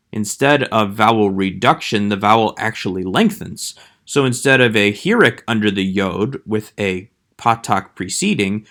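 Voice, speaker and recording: A man giving a scripted Hebrew grammar lecture as a voice-over, measured and slowing down to sound out each Hebrew word. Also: on the low side, fairly bright tone. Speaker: Hebrew instructor.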